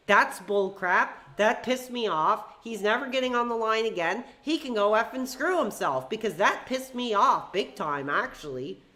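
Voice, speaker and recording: A woman's voice: fairly high pitch, pushed and bright. A woman hosting a live stream with fan call-ins, talking in a heated, ranting way with frequent swearing. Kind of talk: live-stream chat with fans.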